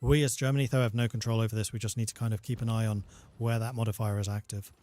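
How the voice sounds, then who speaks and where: Man calmly explaining strategy game mechanics. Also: fairly low pitch, fast. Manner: patient, step-by-step explanations. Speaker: game developer. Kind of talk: explaining gameplay on a livestream.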